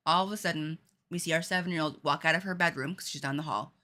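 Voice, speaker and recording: Bright-voiced chatty streamer woman. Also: low voice, fast. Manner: animated, laughing, chatty with fillers. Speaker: game streamer. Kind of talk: casual storytelling to stream chat.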